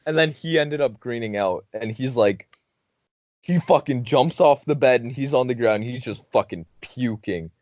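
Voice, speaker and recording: On his podcast, a young male host with a medium pitch and ordinary pace delivers an animated, profanity-filled funny story, laughing as he talks. There is no room sound, and the audio is dull.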